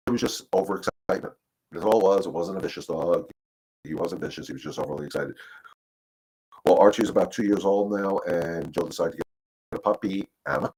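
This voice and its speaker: A man's voice: low voice, rough recording. A middle-aged man, a dog trainer, giving casual advice in a rambling way, often repeating words as he talks. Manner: rambling, repeats words, acts out quoted voices. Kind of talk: casual livestream advice talk.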